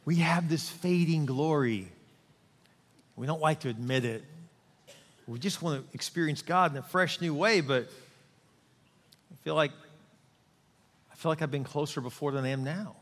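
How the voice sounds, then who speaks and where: A man's voice: fairly high pitch, moderate pace, long pauses, fairly bright tone, in a large hall. A male pastor preaching a sermon in a church, conversational and humorous, often asking the congregation questions. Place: church sanctuary.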